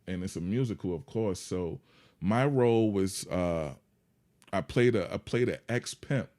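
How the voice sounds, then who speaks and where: A man who is a guest on a podcast, talking in a calm, laid-back way that is full of "man" and "you know what I mean". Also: deep voice, unhurried. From Yonkers, New York. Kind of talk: casual interview chat.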